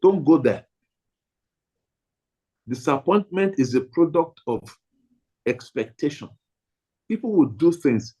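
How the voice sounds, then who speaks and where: A man's voice: on the high side, animated, takes it slowly, pauses often, warm tone, slightly rough, rough recording. A man leading a training talk for pastors, emphatic and repetitive, leaning hard on single words.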